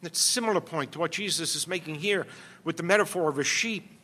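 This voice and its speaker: A man's voice: fairly high pitch, fast, pushed and bright, long reverb tail. A man preaching an expository sermon, earnest and rising to emphatic exhortation.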